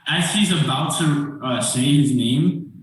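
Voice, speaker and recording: A man's voice: on the high side, a little slow. A man narrating as game master in a casual, filler-heavy way. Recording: very echoey, mic far off.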